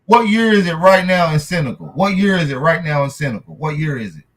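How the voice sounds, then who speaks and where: A man's voice: on the high side, expressive, quick pace, over a noisy crowd. Brash trash-talking male livestream host. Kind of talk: casual profane livestream banter.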